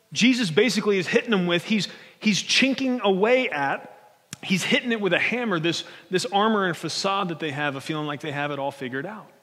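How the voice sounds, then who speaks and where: A man preaching a sermon from the pulpit, his voice sitting a little high. He talks in a loose, conversational way and keeps checking in with the congregation. The church hall carries a long, lingering reverb. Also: a bit bright. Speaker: pastor. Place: church sanctuary.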